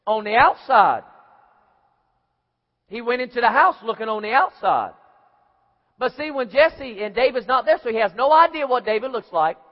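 A man preaching a sermon, dramatic and acting out voices, rising to shouts. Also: extremely high pitch. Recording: muffled, hall reverb.

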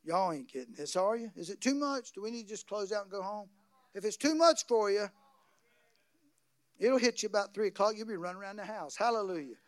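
A male pastor preaching a sermon, swinging from quiet asides to loud, excited bursts. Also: high voice, brisk, no echo, clean studio sound.

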